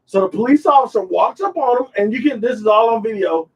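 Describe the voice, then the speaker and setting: A man with a high, husky voice tells a long story on a casual podcast, acting out every quote and circling back over his words. He sits back from the mic, so his voice carries a little distance. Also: fast. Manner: animated retelling, acts out quotes, repeats himself. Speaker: podcast host.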